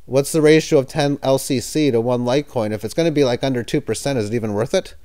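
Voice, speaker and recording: Talking fast in a warm, mid-range voice, a man comments casually on crypto news over a screen share. He sounds skeptical, now and then sarcastic, and hesitant, with fillers and self-corrections.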